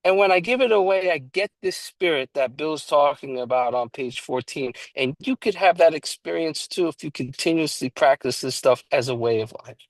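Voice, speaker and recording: A man's voice: fairly high pitch, moderate pace, hardly any pauses, dry recording, rough recording. A man co-hosting an online recovery book study, talking casually and emphatically, swearing now and then and restarting his sentences. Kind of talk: casual online meeting talk.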